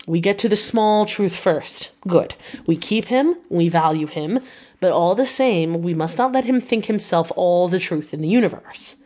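A woman's voice: on the low side, animated, moderate pace, a little mellow. A woman reading an audiobook and voicing an elderly, earnest Dutch professor who speaks in solemn, broken formal phrasing. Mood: earnest lecturing.

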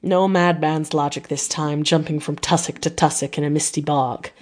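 A woman reading a classic novel aloud in measured, even storytelling narration. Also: low-pitched. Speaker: audiobook narrator.

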